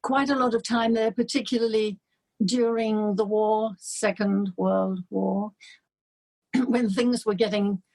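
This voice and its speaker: An older woman from England, a guest in an interview, chatting warmly and laughing as she tells stories. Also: mid-range voice, fairly even intonation, slow pace. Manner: warm, laughing, storytelling. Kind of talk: casual chat.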